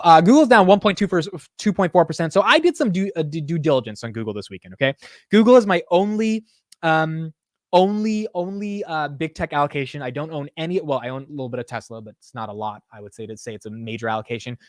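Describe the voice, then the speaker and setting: A man's voice: on the high side, animated, fast, no room sound, studio quality. A man hosting a live stock market show in casual commentary, rambling and blunt with casual swearing.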